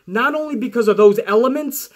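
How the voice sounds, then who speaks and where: A man giving a casual, profanity-heavy recap of a wrestling show as its regular reviewer, ranting excitedly. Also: very high voice, a little fast.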